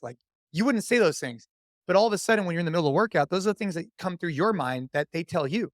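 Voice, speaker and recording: A man's voice: sits high, quick pace, dry recording, clean studio sound. A man in his thirties, a podcast guest, talking casually and with energy, like a fitness coach cheering someone on. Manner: energetic, coach-like, says dude and man a lot. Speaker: podcast guest, CrossFit athlete.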